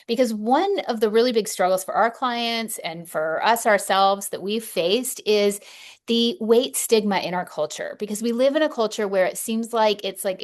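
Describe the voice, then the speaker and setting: A woman hosting a therapy podcast, introducing the topic in an earnest, measured way. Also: medium pitch. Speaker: podcast host, clinical director.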